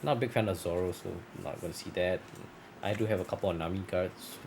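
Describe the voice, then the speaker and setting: A man's voice: deep voice, fast. A man chatting casually while opening card packs, rambling and correcting himself, his voice turning scratchy from long talking. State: voice getting scratchy. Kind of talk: casual unboxing chat.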